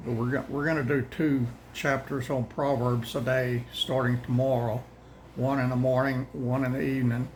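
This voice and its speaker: A man's voice: medium pitch, flat delivery, a little hiss or hum, rough recording. An older man, chatting casually and rambling to viewers about a daily Bible reading plan, a little out of breath. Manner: folksy, plain-spoken, says y'all; rambling, halting, restarts often.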